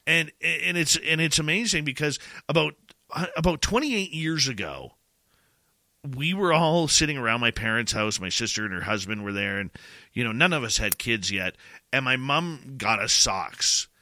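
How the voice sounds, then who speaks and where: A man's voice: medium pitch, animated, normal speed, pushed and bright, no echo. A middle-aged man hosting a show, telling a rambling, emotional story in casual chat and often repeating himself.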